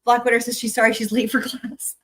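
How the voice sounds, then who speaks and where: A woman's voice: fairly high pitch, flat delivery, fairly quick, a bit bright, slight background noise. A young adult woman hosting a livestream, chatting casually with viewers, rambling and laughing, swearing freely. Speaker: livestream host.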